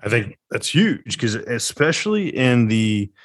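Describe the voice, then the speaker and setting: A man's voice: medium pitch, sing-song, measured pace. A man who works as a business coach, agreeable and reflective, in a podcast conversation.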